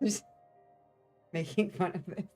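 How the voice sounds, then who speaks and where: A woman's voice: fairly low pitch, steady tone, a little slow, dark tone, faint music behind. A woman guest streamer chatting casually in a playful, teasing, giggly way. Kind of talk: casual chat.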